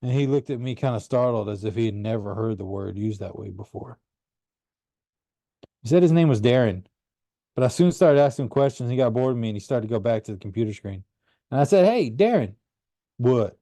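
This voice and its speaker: A man narrating a first-person story with an earnest, animated delivery. His voice is dark and mellow, recorded close in a dry room with no echo. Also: medium pitch, fairly quick. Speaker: audiobook reader.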